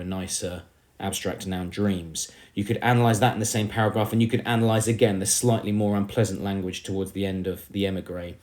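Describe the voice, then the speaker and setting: English male teacher, lower voice, lively classroom explainer. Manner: emphatic, addresses the class as everybody. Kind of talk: classroom lesson on poetry.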